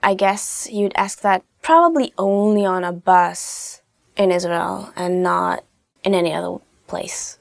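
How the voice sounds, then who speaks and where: A young woman hosting a casual language lesson, chatty and upbeat, slowly modelling phrases. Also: lowish voice, gravelly, dry recording, clean studio sound. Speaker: language teacher host.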